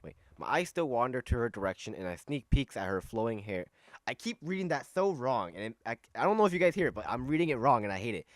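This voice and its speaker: A man's voice: mid-range voice, very animated, quick pace, dry recording, clean studio sound. A man reading a visual novel aloud and commenting as he plays, self-mocking and often restarting lines. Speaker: let's play host. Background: game music.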